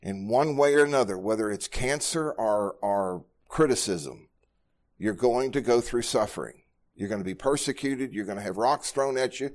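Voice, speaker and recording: A man's voice: medium pitch, normal speed, a little mellow. A middle-aged man, a pastor, teaching a Bible study sermon in an earnest way, often repeating words as he speaks.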